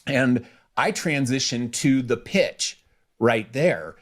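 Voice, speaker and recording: A man co-hosting a podcast, giving casual business advice, informal and lively, acting out bits of small talk. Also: slow. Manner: animated, acts out quoted small talk with pitch jumps; informal, says "freaking", repeats phrases. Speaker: podcast co-host.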